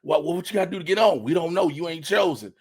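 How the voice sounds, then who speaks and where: Husky, animated man joking around. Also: on the high side, fast. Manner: animated, jumps into loud joke voices. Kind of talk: casual comedic banter.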